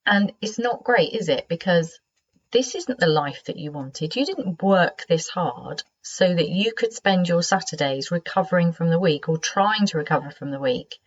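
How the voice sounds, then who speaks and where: Croaky, sleepy British woman hosting. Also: lowish voice, lively intonation, moderate pace. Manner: gentle, conversational, with restarts. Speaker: podcast host. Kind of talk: solo podcast monologue. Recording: slightly dull lo-fi sound.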